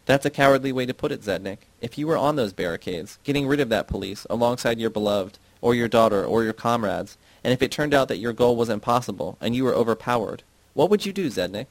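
A man reading a sharp, provoking young woman. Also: mid-range voice, expressive, fast talker, dry recording, lightly acted, rough recording. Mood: challenging. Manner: probing, teasing questions.

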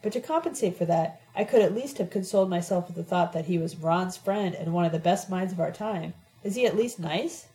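Woman narrating an audiobook, first person, reflective, mellow tone. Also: fairly low pitch, brisk, few pauses, rough recording.

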